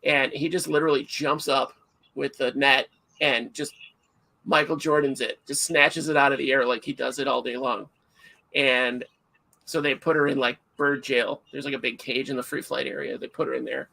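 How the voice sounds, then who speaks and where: A middle-aged man hosting a livestream, chatting casually and telling stories in an animated, self-mocking way. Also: medium pitch, normal speed, gravelly. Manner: animated storyteller, self-mocking, acts out shouts. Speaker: livestream host.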